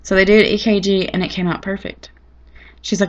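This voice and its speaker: A woman's voice: medium pitch, steady tone, fairly quick, muffled recording. A woman telling a personal story in a chatty, dramatic, folksy way. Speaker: vlogger. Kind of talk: casual storytelling to camera.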